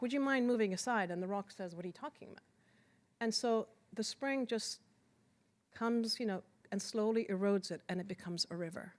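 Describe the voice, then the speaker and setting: A middle-aged woman from Iran giving an earnest, personal storytelling talk at a symposium, often pausing and restarting her sentences. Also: medium pitch. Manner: earnest, halting with restarts and fillers. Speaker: symposium speaker.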